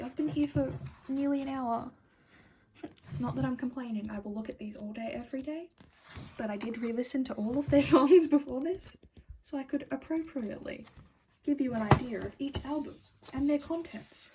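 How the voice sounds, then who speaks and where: A woman's voice: high-pitched, moderate pace, darkish tone, a little hiss or hum, poor audio. A woman chatting casually to camera as a vlogger, giggly and rambling, often slipping into whispered asides and little apologies. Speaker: vlogger reviewing album collection.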